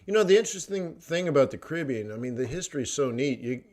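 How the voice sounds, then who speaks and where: A man's voice: medium pitch, animated, fast talker, darkish tone. A man hosting a trading livestream in casual chat, rambling between topics, laughing often and acting out quoted voices. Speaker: forex trading livestream host.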